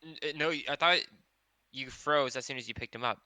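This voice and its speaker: Casting: reactive male tabletop player, very bright crisp voice. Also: mid-range voice, fairly quick, no room sound. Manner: reactive, swears when things go wrong. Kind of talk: casual tabletop play.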